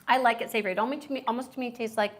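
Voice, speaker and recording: A woman's voice: on the high side, fairly even intonation, very fast. A woman hosting a casual live-stream food review, chatty and enthusiastic, reading viewer comments aloud.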